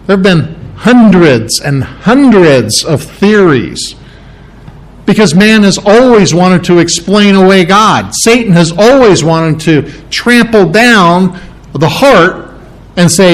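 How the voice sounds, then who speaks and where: A pastor delivers a sermon, walking his listeners through verses and hammering key words through repetition. His voice sits a little high for a man and swings widely up and down as he stresses each point. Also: lively intonation, takes it slowly, rough recording. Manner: preaching with emphatic repetition, explaining Greek terms.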